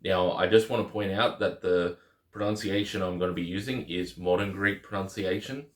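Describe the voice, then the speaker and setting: A man's voice: sits low, steady tone, moderate pace, roomy sound. A man teaching the Greek alphabet in a casual lesson, patiently repeating each letter name.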